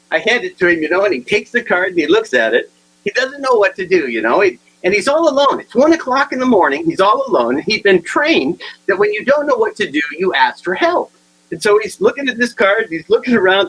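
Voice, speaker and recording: Lively, bright-voiced male comic speaker. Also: high-pitched, fairly quick, rough recording. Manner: animated, acts out both sides of dialogues. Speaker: motivational speaker. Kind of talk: humorous keynote storytelling.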